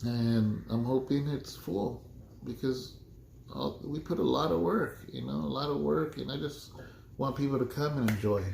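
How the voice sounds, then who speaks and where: A relaxed man pastor chats and jokes with viewers in a warm, mellow voice. The room is echoey, with a faint hiss behind him. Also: mid-range voice, moderate pace, creaky. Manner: relaxed and joking. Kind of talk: casual chat with viewers. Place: home room.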